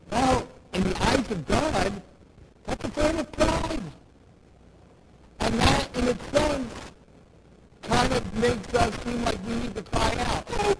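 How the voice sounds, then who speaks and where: A man preaching a sermon, emphatic, repeating phrases for stress. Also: high voice. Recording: loud background noise.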